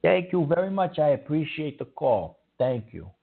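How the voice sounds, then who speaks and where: A man's voice: on the high side, sing-song, normal speed, vocal fry, slightly rough. A man hosting a call-in show who stammers and gets riled easily. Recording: tinny phone-like sound.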